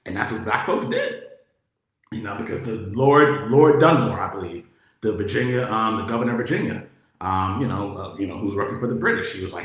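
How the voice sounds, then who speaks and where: Profane, animated man in an echoey room. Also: fairly low pitch, fairly quick. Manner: profane, animated, heavy filler words. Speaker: political commentator. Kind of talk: casual monologue.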